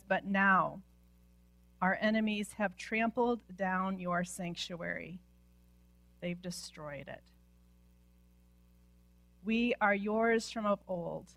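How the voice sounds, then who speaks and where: Slow impassioned woman preaching a sermon. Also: medium pitch, no room sound. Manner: impassioned, drops to hushed near-whispers at phrase ends. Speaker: pastor. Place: church sanctuary.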